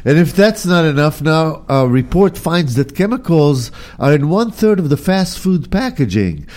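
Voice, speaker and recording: A man's voice: on the high side, very animated, moderate pace, a little mellow. A man co-hosting a casual talk show, rambling with many fillers and restarts. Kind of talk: casual chat. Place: near Burbank, California.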